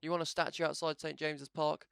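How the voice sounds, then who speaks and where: A man hosting a gaming channel, commentating his video game in a chatty, self-mocking way that swings into loud excitement. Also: on the high side, quick pace, gravelly, clean tone, no echo, studio quality. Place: home setup, no camera.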